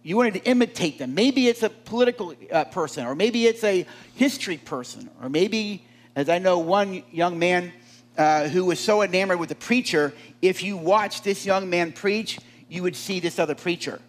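A man preaching a sermon, animated and often asking the congregation questions. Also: sits high, normal speed.

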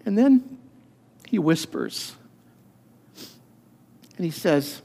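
With a high-pitched voice, a man who is a pastor gives his personal testimony in an earnest, stop-and-start way, restarting sentences often.

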